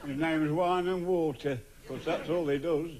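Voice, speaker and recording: A man's voice: fairly high pitch, steady tone, moderate pace, over a noisy crowd, very noisy. An older man with a regional British accent, telling stand-up jokes in a rambling, chuckling way as a contestant. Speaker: comedian contestant.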